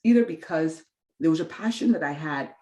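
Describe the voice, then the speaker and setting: A woman's voice: deep voice, lively intonation, a little fast, warm tone, reverberant. A woman in her thirties, a physician and clinic founder, tells her story with candid earnestness in an interview and acts out her own past thoughts. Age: 30s.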